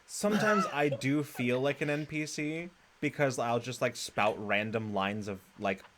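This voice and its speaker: A man chatting casually on a podcast, lively and quick to laugh, with many fillers. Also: mid-range voice, background noise. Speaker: podcast co-host. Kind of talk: casual chat.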